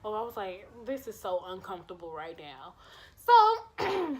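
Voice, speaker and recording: Her pitch is medium and her pace measured as this woman vlogger tells a personal story. The telling is casual and animated, full of acted-out dialogue and free swearing.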